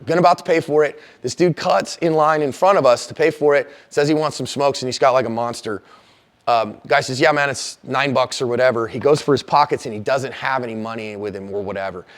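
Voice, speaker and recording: A man's voice: mid-range voice, fairly quick. A middle-aged man teaching a self-defense class, telling stories and acting out the lines of the people in them. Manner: animated storyteller, acting out quoted lines loudly.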